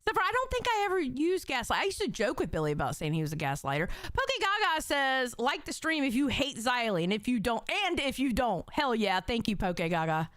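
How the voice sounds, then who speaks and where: A woman's voice: a little high, sing-song, a little fast, hardly any pauses, a bit bright, no echo, clean studio sound. Blunt, foul-mouthed woman streamer. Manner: blunt, profane, teasing banter. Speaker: streamer reacting to clips. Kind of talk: casual live-stream chat.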